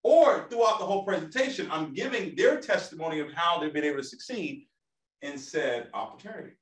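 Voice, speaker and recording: A sales trainer with a fairly high-pitched, lively voice speaks a little fast as he delivers an emphatic motivational training talk to a live audience. He repeats key phrases and often checks in with "okay?", and the room is echoey.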